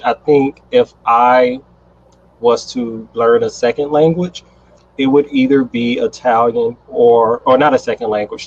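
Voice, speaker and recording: An American man teaching English in a relaxed, friendly way on a video call, agreeing often and laughing a lot. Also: medium pitch. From United States. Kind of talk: casual conversation on a video call. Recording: husky voice over a dull, lo-fi call line.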